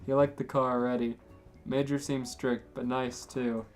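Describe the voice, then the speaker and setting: A man's voice: medium pitch, level tone, normal speed, faint music behind. A man hosting a comedy podcast, reading fan fiction aloud and laughing often. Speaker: podcast host and reader.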